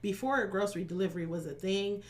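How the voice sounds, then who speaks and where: A woman's voice: medium pitch, quick pace. A woman in her thirties, a life coach, speaking candidly as a podcast guest about her past, often laughing. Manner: open, candid storytelling with frequent laughs. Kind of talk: candid personal interview.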